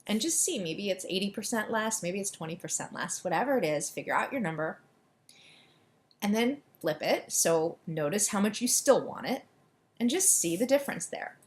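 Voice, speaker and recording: A woman coaching listeners through an EFT tapping session, giving quick, soothing directions and leading affirmations for them to repeat. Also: medium pitch, animated, slight background noise. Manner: deliberately quick delivery.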